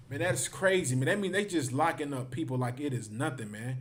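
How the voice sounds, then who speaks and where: A man's voice: mid-range voice, brisk, few pauses. A man teaching a livestreamed scripture class, emphatic and repetitive, often tagging his phrases with "man". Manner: emphatic, repeats himself, ends phrases with "man".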